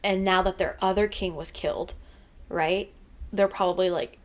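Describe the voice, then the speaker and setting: A woman's voice: lowish voice, fairly even intonation, moderate pace. A young woman co-hosting a casual fan podcast, talking in a chatty, emotional way with many filler words. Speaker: podcast co-host.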